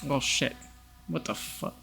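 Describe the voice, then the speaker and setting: A young gaming YouTuber talks over a headset mic while playing a VR game, offering rambling, casual commentary, cursing, and addressing the characters directly. He speaks slowly, and his tone is bright and forceful.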